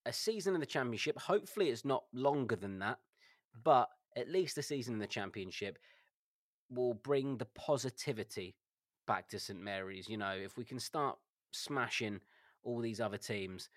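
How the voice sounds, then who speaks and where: A man's voice: medium pitch, animated, normal speed, no room sound, clean studio sound. A man co-hosting a football podcast, thoughtful and hesitant, full of fillers. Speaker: podcast co-host. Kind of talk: casual chat.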